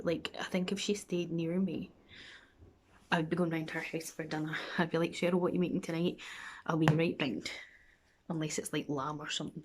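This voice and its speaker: A Scottish woman in her thirties talks through her makeup routine in a rambling, chatty way. Her voice sits a little low, and she often drifts down to a near whisper. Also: a little mellow. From Scotland. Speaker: makeup vlogger.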